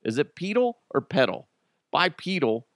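A man's voice: medium pitch, expressive, unhurried, fairly bright tone, no echo, studio quality. A man hosting a podcast in a casual comedic monologue, joking and often laughing. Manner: jokey, laughs often, restarts. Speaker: podcast host.

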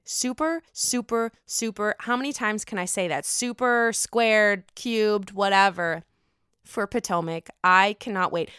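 A woman's voice: mid-range voice, fairly bright tone, clean tone, no room sound, studio quality. A woman with a Pittsburgh accent hosting a casual gossip podcast, candid and profane, with a sore throat. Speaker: podcast host. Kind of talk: casual reality-TV gossip chat.

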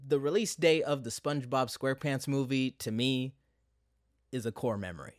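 A man's voice: mid-range voice, normal speed, no echo. Young male vlogger, casual nostalgic monologue, dry recording. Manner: conversational, many fillers and asides.

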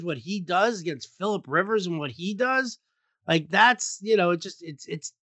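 A man's voice: sits high, fairly bright tone, no room sound. A man hosting a casual sports betting talk show, talking loosely with frequent restarts. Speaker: sports betting podcast host.

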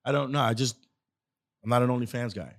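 A man's voice: mid-range voice, brisk. A man appearing as a comedian guest on a casual podcast, talking in a laid-back, slangy way and deflecting questions with laughs. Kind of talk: casual interview chat. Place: indoor studio couch.

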